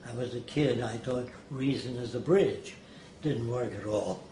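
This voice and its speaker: Old man spinning emphatic stories, middle pitch, echoey room with faint hiss. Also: unhurried, mellow. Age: older. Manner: emphatic, acts out quotes. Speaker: interviewee. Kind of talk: anecdotal storytelling. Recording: roomy echo, faint noise.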